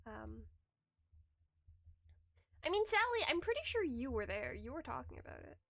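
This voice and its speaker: High-voiced woman chatting while gaming. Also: sing-song, fairly quick, vocal fry, no room sound, studio quality. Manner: chatty and rambling, restarts and giggles. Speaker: streamer. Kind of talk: casual live-stream chat while gaming. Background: faint background music.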